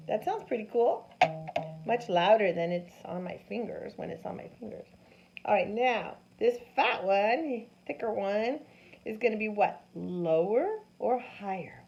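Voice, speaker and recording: A woman teaching a science lesson to children, animated and sing-song, often asking them questions. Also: medium pitch, a little slow, gravelly, husky, soft background music. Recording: dull lo-fi sound with faint noise.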